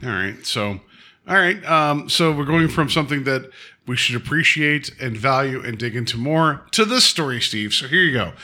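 A man with a bright, forceful voice co-hosts a casual chat show. He talks in an animated, eager way, jumping quickly between thoughts. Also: mid-range voice. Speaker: podcast co-host.

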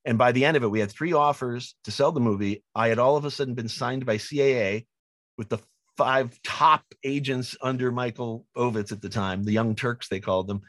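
A man, a film director being interviewed, telling lively anecdotes and acting out the people he quotes. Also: medium pitch, a little fast, dry recording. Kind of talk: animated storytelling in an interview.

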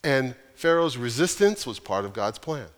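A male pastor preaching an earnest, emphatic sermon with deliberate pauses. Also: medium pitch, sing-song, long reverb tail.

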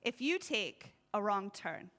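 A woman preaching a sermon in a lively, conversational way, laughing often and acting out voices. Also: medium pitch, takes it slowly.

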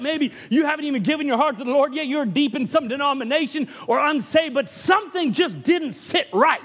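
Male preacher, high-pitched voice, animated sermon, calls for amen. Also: normal speed. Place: church.

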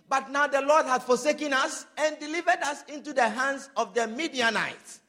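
A man's voice: very high voice, normal speed, hardly any pauses, pushed and bright. A man preaching a sermon as pastor, reading scripture aloud in old wording and rising into bursts of emphasis.

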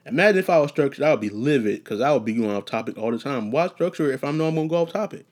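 A man's voice: medium pitch, lively intonation, rapid-fire, a little mellow. A young man hosting a solo podcast, rambling and joking, profane and casual, wandering off topic. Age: young adult. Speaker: podcast host.

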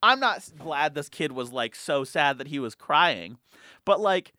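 Young guy, kinda high voice, chatty podcast host, does goofy voices when he tells a story, dry close sound. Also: a little slow, dry recording. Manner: animated storyteller, acts out quotes in loud high voices. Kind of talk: casual chat.

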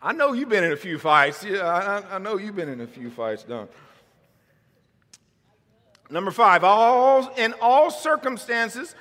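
A man preaching a sermon at a church service, fiery and shouting rhetorical questions. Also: high-pitched, sing-song, a little slow, long pauses. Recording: long hall reverb.

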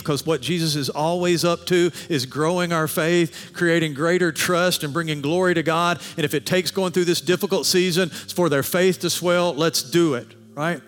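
A man preaching a sermon with animated delivery, sometimes acting out quoted voices. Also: a little high, moderate pace. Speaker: pastor. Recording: long hall reverb with faint music.

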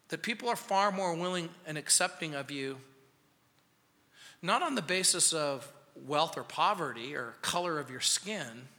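A male pastor preaching a verse-by-verse sermon in an emphatic way, speeding up and slowing down for effect. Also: on the high side, sharp tone. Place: church sanctuary. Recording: long reverb of a church sanctuary.

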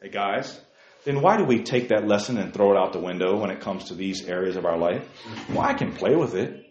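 A man leading a Bible study in a fiery preaching style, emphatic, firing off rhetorical questions and leaping to near-shouts. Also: fairly low pitch, expressive, fairly quick. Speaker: Bible teacher. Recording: roomy, dull lo-fi sound.

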